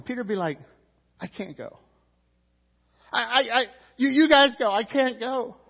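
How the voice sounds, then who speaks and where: A man preaching a sermon as pastor, animated, acting out quotes and asides. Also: high-pitched, slightly rough. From Pittsburgh. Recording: dull recording in a reverberant hall.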